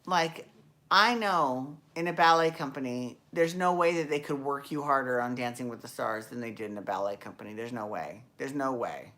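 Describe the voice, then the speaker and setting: A woman's voice: very deep voice, animated, moderate pace, a bit bright. A woman hosting a casual recap show, rambling and chatty with frequent restarts and the odd swear. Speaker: podcast host recapping dance shows. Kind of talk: casual chat.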